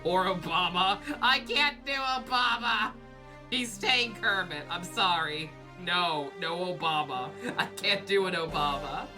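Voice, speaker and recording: A woman's voice: on the low side, unhurried, over music. A woman streaming a video game, chatting casually, swearing, giggling and mocking her own character voices. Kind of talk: casual let's-play commentary.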